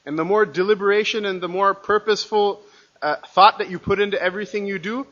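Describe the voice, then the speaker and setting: A man from the United States teaching a religious lecture class, talking quickly with many restarts and rhetorical "right?" checks. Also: high voice, steady tone, fairly bright tone, lo-fi sound.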